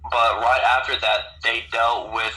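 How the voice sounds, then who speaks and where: A man's voice: mid-range voice, level tone, measured pace, sharp tone, rough recording. A man co-hosting a podcast in casual chat, hesitant, with many fillers and trailing sentences. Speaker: podcast co-host.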